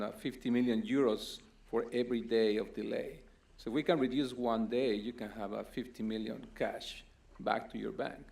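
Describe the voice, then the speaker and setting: A man's voice: mid-range voice, a little mellow. A man on a panel, explaining his point earnestly in a conversational way. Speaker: panel speaker.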